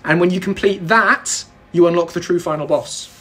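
Chatting with his viewers on a casual baking livestream, a British host jokes, rambles, and runs himself down. He speaks at normal speed in a high voice with a fairly bright tone.

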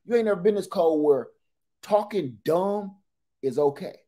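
A man in his forties, a livestream host telling animated, joking stories in casual talk. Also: high voice, normal speed.

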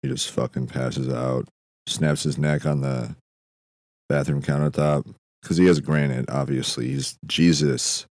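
Very deep-voiced man musing in a dry room. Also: unhurried, dry recording. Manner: meandering, self-interrupting, deadpan musing with frequent fillers. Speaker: podcast host. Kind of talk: rambling comedic monologue.

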